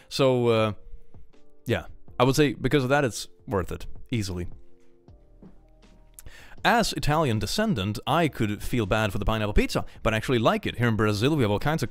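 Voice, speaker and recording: A young man chatting casually on a livestream, reading viewer messages aloud, animated, laughing often and repeating phrases. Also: fairly low pitch. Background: faint background music.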